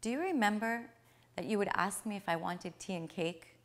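A woman voicing a kindly elderly male Kabbalist sage, speaking gently and earnestly. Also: medium pitch, expressive, normal speed, close to an everyday voice. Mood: tender.

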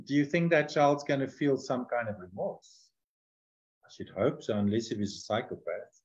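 A man's voice: medium pitch, lively intonation, moderate pace. Man teaching faith through stories, muffled. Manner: storytelling, with voiced quotes. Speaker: guest, Christian teacher. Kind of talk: teaching in a conversation.

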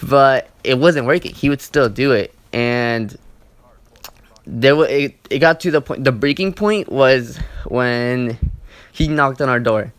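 A young man tells a story over gameplay in a loose, rambling, profane way, leaning on "like" and "you know" at every turn. His voice sits at an ordinary middle pitch. The sound is dry and close, with no room echo. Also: a little slow, smooth. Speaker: gaming channel host.

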